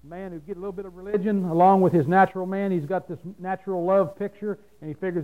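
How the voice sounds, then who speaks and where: A man's voice: high-pitched, steady tone, fast, phone-quality sound. A man preaching a sermon in a folksy, plain-spoken way, asking his listeners questions and answering them himself.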